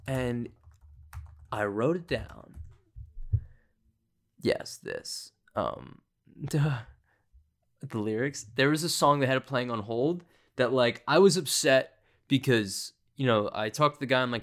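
A man's voice: medium pitch, moderate pace, fairly bright tone. Rambling sarcastic young man podcaster. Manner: sarcastic, self-deprecating, rambling storyteller. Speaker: podcast host. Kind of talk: casual solo podcast rambling.

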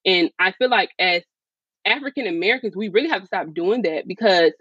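A woman's voice: mid-range voice, a little fast, a bit bright, slightly rough, dry recording. A woman guest on a podcast interview, telling her own story frankly in casual talk full of fillers. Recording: slightly dull, dry sound.

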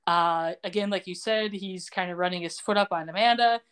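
A woman's voice: lowish voice, brisk, fairly bright tone, clear, resonant tone. A woman co-hosting a podcast, casually recapping a TV episode in a loose, chatty way with lots of fillers and asides. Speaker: podcast co-host.

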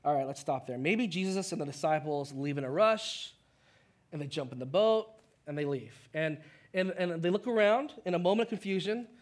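A man preaching a sermon as pastor, conversational, acting out quick voices of the people in the story. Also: on the high side.

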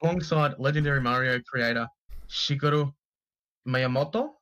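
A man's voice: medium pitch, normal speed, muffled recording. Sweary man reading gaming news. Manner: sweary, jokey, stumbles over names. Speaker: podcast co-host. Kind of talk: casual news reading and banter.

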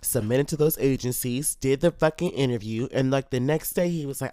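A man's voice: mid-range voice, moderate pace, hardly any pauses, clean tone, dry recording. A man in casual podcast chat, swearing freely and full of slang. His voice sits in a middle register and is recorded dry and close. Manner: loud, profane, animated storytelling with slang. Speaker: podcast co-host.

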